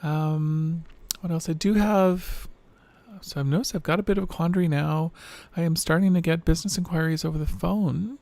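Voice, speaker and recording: This is a woman whose low, androgynous voice still comes across as mostly male, with a rough, fry-laden edge. She talks in a loose, rambling video-diary way, reflective and self-deprecating. She sounds worn out, as if recording at the end of a long day. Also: fairly even intonation, normal speed, mellow, no echo. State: tired, late at night.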